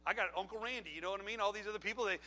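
A man preaching a sermon as pastor in a church, animated, with laughs and asides to the congregation. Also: sits high, rapid-fire. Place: church sanctuary. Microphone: handheld or pulpit mic.

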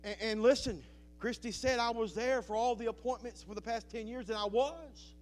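A middle-aged man preaching a sermon, moving from quiet, halting confession to loud, impassioned preaching. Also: extremely high pitch, faint music behind. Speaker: pastor. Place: church sanctuary.

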